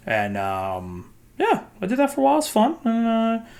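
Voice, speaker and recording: Animated young man telling stories. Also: extremely high pitch, normal speed, creaky. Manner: animated, swearing, laughing storyteller. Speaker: podcast host. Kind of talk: casual storytelling.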